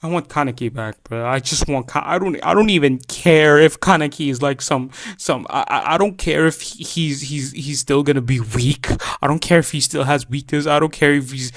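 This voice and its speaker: A man's voice: on the high side, normal speed, hardly any pauses, fairly bright tone, no echo, studio quality. A young man giving a casual anime reaction, ranting heatedly with swearing, stammered restarts and repeated phrases for emphasis.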